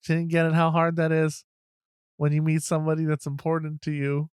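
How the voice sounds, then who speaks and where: A man's voice: a little high, little pitch movement, brisk, darkish tone, clear, resonant tone, no room sound, clean studio sound. A middle-aged man hosting a podcast, telling a self-deprecating story in a rambling, casual way, restarting his sentences often. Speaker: podcast host. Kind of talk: casual anecdote.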